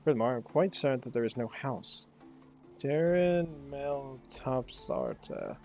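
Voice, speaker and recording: A haughty aristocratic nobleman, as a man puts him on while playing a game, declaiming every line with theatrical grandeur. The voice is mellow and gravelly, with faint music underneath. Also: medium pitch, a little slow, lightly acted. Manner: haughty, theatrical, put-on posh accent. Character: pompous aristocratic male game character.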